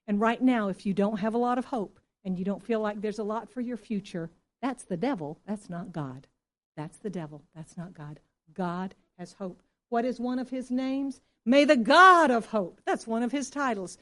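A woman pastor preaching a sermon to her church, impassioned and then soft and earnest. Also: medium pitch.

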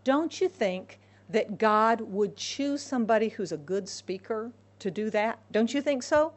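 A woman preaching a sermon to a congregation, animated, acting out voices of God and Moses. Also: a little high, a little slow.

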